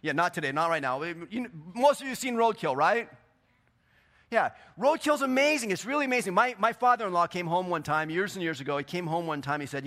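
A man preaching a sermon in a church, swinging between loud, emphatic bursts and quieter scripture reading. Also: a little high, fairly quick. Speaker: pastor. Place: church sanctuary.

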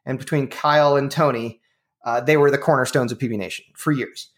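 A man's voice: mid-range voice, fairly even intonation, brisk. A man telling stories in casual conversation, with lots of uh and um fillers. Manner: storytelling with many fillers. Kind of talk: casual chat.

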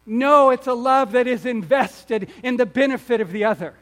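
A man with a high voice preaches a sermon, building to emphatic, nearly shouted lines and then dropping to quiet asides. He often repeats and restarts his words as he goes. A low mains hum sits under the recording. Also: moderate pace. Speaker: pastor.

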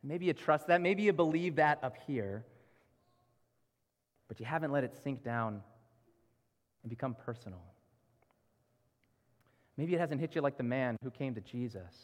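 A man's voice: medium pitch, expressive, a little slow, pauses often. A man preaching a sermon as pastor, earnest, asking pleading rhetorical questions of his congregation. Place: church sanctuary. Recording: reverberant church hall.

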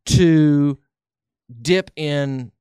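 Man host, slightly high, dry close mic, brisk segment runner. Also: dark tone, clear, resonant tone, no echo. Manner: brisk, runs the segment, explains rules. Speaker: radio host. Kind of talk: casual chat.

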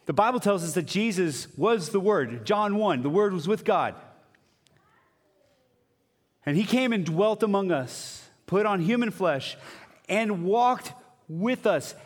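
A man preaching a sermon as a pastor, conversational and animated, now and then dropping to a quiet voice. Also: high-pitched, slow pace, pauses often, in a large hall.

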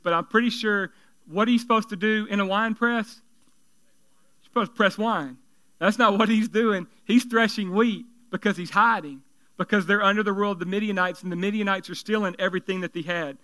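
A male pastor preaching a sermon in an animated, conversational way, with joking asides. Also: sits high, moderate pace.

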